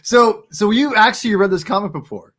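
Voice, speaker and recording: A man hosting a casual stream, excitable and loose, using slang and stumbling over restarts. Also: high voice, a little fast. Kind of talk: casual chat.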